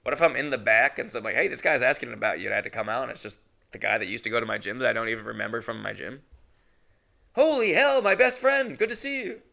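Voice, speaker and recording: A young adult man, a podcast host, telling a comedic story alone, indignant and swearing, jumping into high exaggerated voices when he quotes people. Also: steady tone, very fast, creaky, bright, forceful tone.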